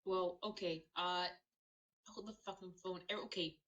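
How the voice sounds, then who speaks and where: A woman's voice: lowish voice, steady tone, normal speed, fairly bright tone, highs cut off. A woman playing a tabletop game, rambling and swearing, with many fillers. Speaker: player. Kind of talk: casual tabletop play.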